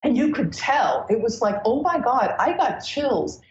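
An animated woman astrologer talks as a podcast guest, piling one thought on another with many restarts. Her voice sits in a roomy space, and the recording sounds dull and lo-fi. A faint noise hums underneath. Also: a little high, measured pace. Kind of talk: casual podcast interview.

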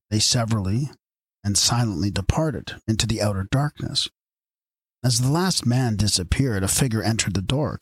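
Low, husky male audiobook narrator. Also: no echo.

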